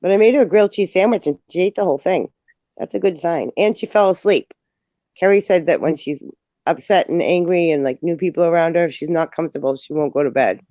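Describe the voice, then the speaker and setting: A woman in casual livestream chat, telling stories with animation and frequent laughs. Her voice sounds dark and mellow, and the lo-fi stream audio is dull and dry. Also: fairly low pitch, fast talker, no echo. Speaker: livestream guest.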